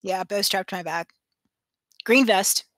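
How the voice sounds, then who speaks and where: A woman's voice: mid-range voice, a little slow, no room sound. Woman player with short joking replies. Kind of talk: casual tabletop game chat.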